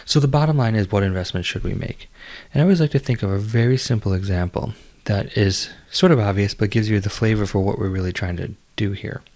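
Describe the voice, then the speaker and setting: A man lecturing on finance in a measured, explanatory way, with fillers and restarts. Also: on the low side, darkish tone. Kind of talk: recorded lecture.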